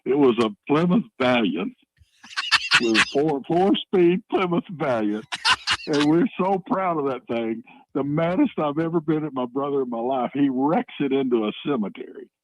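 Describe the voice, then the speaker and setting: A man's voice: a little high, animated, normal speed, lo-fi sound, background noise. A man in his seventies, calling in as a guest, telling folksy, emphatic stories. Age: 70s. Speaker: guest on phone line. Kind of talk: casual radio chat.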